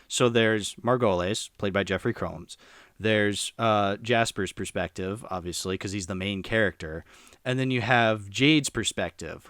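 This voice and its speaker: A man's voice: on the low side, fairly bright tone, smooth, no echo, studio quality. A man in a casual podcast chat, rambling animatedly through a film's plot with lots of fillers. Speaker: podcast co-host reviewing a film.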